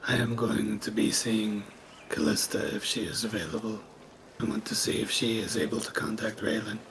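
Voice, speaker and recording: A man voicing a gruff adventurer in a tabletop game who speaks in stilted, oddly formal grammar. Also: fairly low pitch, fairly even intonation, moderate pace, background noise, close to an everyday voice. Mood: stiff.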